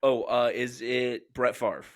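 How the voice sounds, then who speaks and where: Man, podcast co-host, mid pitch, dry sound, jokey quick guesses, casual chat. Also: flat delivery, dry recording. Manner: jokey, answers with quick guesses and short agreements. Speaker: podcast co-host answering trivia.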